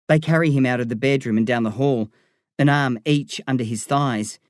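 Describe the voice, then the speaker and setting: A male narrator with a medium-pitched voice reads a first-person novel aloud as an audiobook, telling the story in a measured way. The sound is clean studio audio with no room noise.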